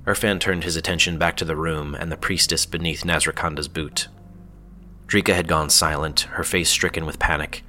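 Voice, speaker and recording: Deep-voiced male fantasy narrator. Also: steady tone, moderate pace, pushed and bright, slight background noise.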